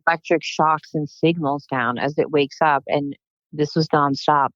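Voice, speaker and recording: A deep-voiced woman chats on a podcast and tells animated stories, acting out the other people in them. The recording is dry and a little dull. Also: unhurried, no room sound. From United States. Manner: animated storytelling, acts out quotes. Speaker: guest, plastic surgeon. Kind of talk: casual podcast chat.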